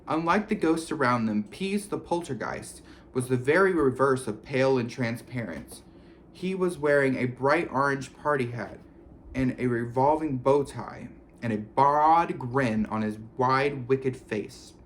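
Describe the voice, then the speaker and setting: A man reading a children's fantasy novel aloud, expressive and storytelling. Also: medium pitch, a little slow, slight background noise. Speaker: reader. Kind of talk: audiobook reading.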